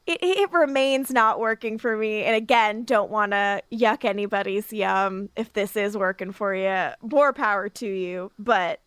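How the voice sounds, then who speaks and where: A woman co-hosting a casual rewatch podcast, recapping scenes in an animated way, acting out quotes and laughing often. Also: mid-range voice, a little slow, hardly any pauses, clean tone, no room sound, clean studio sound. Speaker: podcast co-host.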